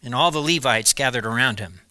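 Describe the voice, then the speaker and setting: A man preaching, retelling a Bible story in a lively storytelling way with small asides. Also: medium pitch, brisk, no echo.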